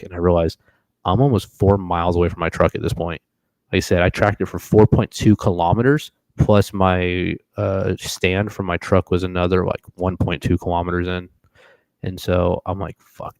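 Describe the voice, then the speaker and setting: A young man telling a long hunting story in a casual, profane, animated way on a live stream. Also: low voice, no room sound, poor audio. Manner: animated, profane, acts out his own reactions.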